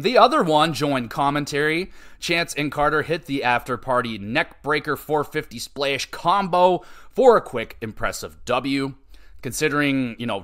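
A man's voice: mid-range voice, fairly bright tone. A young man hosting a podcast, recapping wrestling in a casual chat with wry, swearing asides. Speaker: podcast host.

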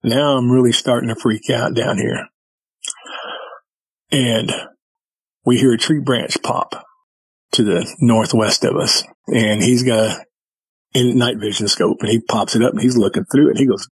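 A man's voice: medium pitch, steady tone, measured pace, long pauses, husky, dry recording, rough recording. A man, a guest, casually telling a story in vivid detail and acting out what people said. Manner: vivid retelling with quoted dialogue.

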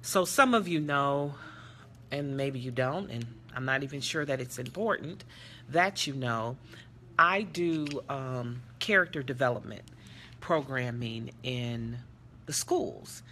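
A middle-aged woman tells a story live over her phone with passion and earnest feeling. Her voice is bright and clear. A faint hiss of noise sits under it. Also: very deep voice, lively intonation, slow. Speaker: character development teacher and speaker. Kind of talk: live social media talk.

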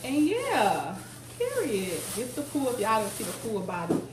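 A woman's voice: fairly high pitch, huge pitch swings, moderate pace. A woman, chatting casually to viewers as she shows off home decor finds, recorded at home. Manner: chatty, addresses viewers as y'all. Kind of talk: casual haul vlog. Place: home, indoors. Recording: echoey room, mic at a distance, noisy.

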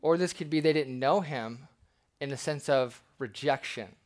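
A man's voice: medium pitch, normal speed. A man preaching a verse-by-verse sermon in a church, reading scripture and acting out the people in his examples. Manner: animated, acts out quoted voices. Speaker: pastor. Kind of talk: expository sermon.

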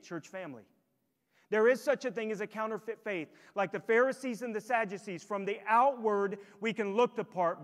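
A male pastor with a high voice delivers a sermon in a church sanctuary, speaking emphatically and posing rhetorical questions to the congregation. The recording carries the long reverb of a church hall.

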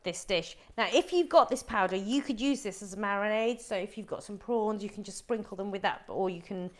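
A woman's voice: mid-range voice, fairly quick. Middle-aged woman host, cooking live on camera, friendly running explanation of each step. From Wolverhampton, England.

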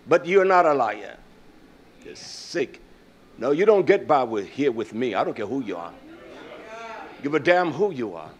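An older man preaching a sermon as pastor, swinging from shouted climaxes to hushed storytelling, with frequent "uh" fillers. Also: medium pitch, big pitch swings, measured pace, pauses often, husky.

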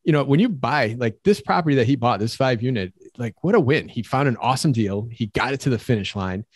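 A real estate broker co-hosts a casual podcast, and this man talks quickly and eagerly. He rambles with frequent restarts, and his voice sits dry and close with no room sound. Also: mid-range voice, animated, no echo. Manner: fast, enthusiastic, rambling with restarts.

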